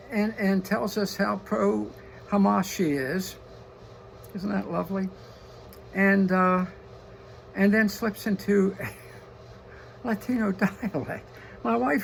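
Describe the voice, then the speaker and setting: A man's voice: high-pitched, gravelly, slight background noise. An older man giving a scornful, mocking political rant, often repeating himself as he heats up. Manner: scornful, mocking, repeats words when heated. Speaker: political commentator.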